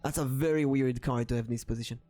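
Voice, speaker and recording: A man hosting a stream, telling a rambling story and then reading tarot cards in a casual, slightly halting manner, with frequent fillers. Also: medium pitch. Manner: rambling, animated when acting out dialogue. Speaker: tarot reader and streamer host. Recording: soft background music under the voice.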